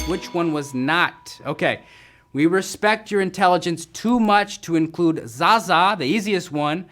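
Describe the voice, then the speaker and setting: A man's voice: a little high, lively intonation, unhurried, over loud music. A man hosting a live trivia game show, reading questions and answers with upbeat, jokey asides to the players. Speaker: quiz show host.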